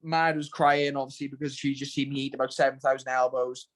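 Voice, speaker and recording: A young man in casual podcast chat, telling quick slangy stories with laughs and swearing over a call. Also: medium pitch, little pitch movement. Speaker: guest fighter.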